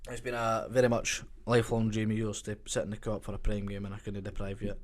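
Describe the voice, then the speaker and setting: Young podcast co-host, lowish voice, blunt and sweary. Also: male voice, monotone, fast. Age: 20s. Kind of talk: casual chat.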